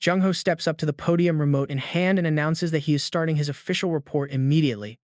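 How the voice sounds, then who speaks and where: A man narrating a comic recap in a dramatic, even-paced storytelling manner. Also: fairly high pitch, fast talker, no room sound, clean studio sound.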